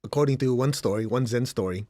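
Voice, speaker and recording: A man's voice: medium pitch, quick pace, dark tone, no echo. A middle-aged man giving an informal spiritual lesson, talking directly and acting out complaining students. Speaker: spiritual teacher.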